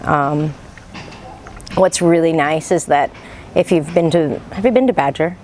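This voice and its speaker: A woman's voice: low voice, unhurried, darkish tone, slight background noise. A woman casually sharing memories of her teacher, chatty and laughing often with lots of fillers. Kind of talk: casual personal reminiscence.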